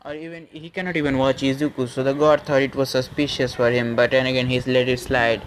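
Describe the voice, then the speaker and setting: A man casually retelling a fan story, rambling with frequent cursing and halting restarts. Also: medium pitch, flat delivery, a little hiss or hum. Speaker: story narrator.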